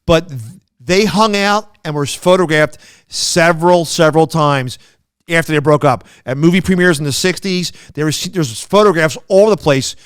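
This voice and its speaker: Rambling storyteller man, smooth voice. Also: on the high side, moderate pace, fairly bright tone, dry recording, clean studio sound. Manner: rambling anecdotes with restarts and mimicked quotes. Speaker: podcast co-host. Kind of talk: casual storytelling chat.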